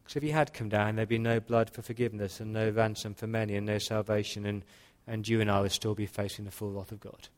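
A man preaching a sermon in a church, earnest, slowing into quiet dramatic pauses. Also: on the low side, flat delivery. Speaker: pastor.

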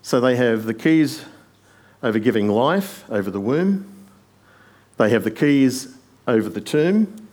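A man preaching an expository sermon, rising to emphatic peaks on quoted lines and dropping quiet on asides. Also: medium pitch, expressive, measured pace, long pauses.

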